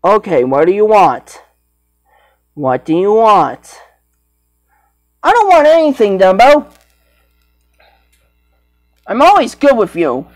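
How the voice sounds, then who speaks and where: A man's voice: high voice, sing-song, slow pace, pauses often, no room sound, poor audio. A man playfully rambling and switching between silly voices in an improvised toy play. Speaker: channel creator.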